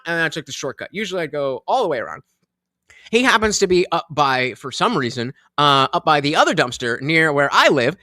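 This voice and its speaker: A man hosting a live stream, telling a heated story in a profane, animated way, acting out both sides of an argument with many restarts. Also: high voice, dry recording, studio quality. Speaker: streamer host. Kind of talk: casual storytelling rant.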